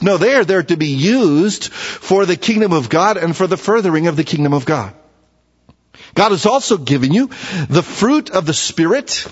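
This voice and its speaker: Husky-voiced male preacher in a hall. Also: high-pitched, expressive, normal speed. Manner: conversational preaching with rhetorical questions and repetitions. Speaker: pastor. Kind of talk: sermon. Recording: dull, echoey church hall recording.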